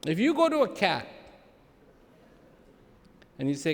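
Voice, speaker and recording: Male speaker, unhurried and emphatic, swinging widely in pitch, playful humor, reverberant hall. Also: huge pitch swings. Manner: slow, emphatic, with playful humor and dramatic pauses. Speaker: speaker addressing an audience. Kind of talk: spoken address to a live audience.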